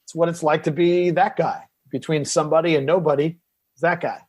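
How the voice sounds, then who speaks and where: On a casual podcast, a male actor guest tells stories in a fairly high voice, talking a little fast with no room sound. He's an animated storyteller who acts out the voices and lines of people he met.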